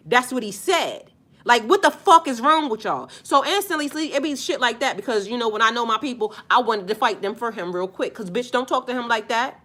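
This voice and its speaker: Heated, profane woman spiritual coach ranting to camera; bright, slightly high voice. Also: lively intonation, a little fast. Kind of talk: ranting vlog monologue.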